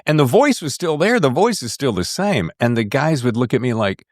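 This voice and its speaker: A man hosting an interview podcast, telling stories in a casual, lively way and sometimes slipping into a radio voice. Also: medium pitch, moderate pace, no room sound, clean studio sound. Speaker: podcast host.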